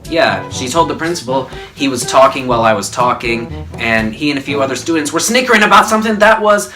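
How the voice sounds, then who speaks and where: A young man telling comic stories from his childhood in an animated, exaggerated way. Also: fairly high pitch. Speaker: vlogger. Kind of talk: comic storytelling. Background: guitar music.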